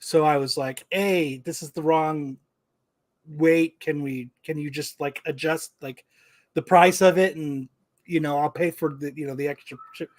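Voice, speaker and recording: A man co-hosting a podcast, telling a story in a casual, animated way, swearing and acting out both sides of the conversation. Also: on the high side, a little slow. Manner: animated, profane, acts out quoted exchanges. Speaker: podcast co-host.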